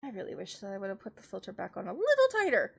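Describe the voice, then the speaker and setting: A woman's voice: mid-range voice, wildly swooping pitch, rapid-fire, creaky, breathy edge. A woman casually reviewing books on a live stream, chatty and rambling, with frequent laughs and restarts. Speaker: book streamer.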